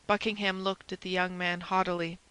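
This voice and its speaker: Bright-voiced woman audiobook narrator. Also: fairly low pitch, clean tone, low-quality recording. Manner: steady, measured reading. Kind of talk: scripted narration.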